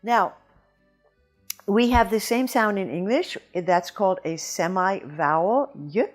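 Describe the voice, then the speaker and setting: A woman giving a scripted pronunciation lesson, slowly and carefully demonstrating each sound. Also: mid-range voice, soft background music. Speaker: pronunciation teacher.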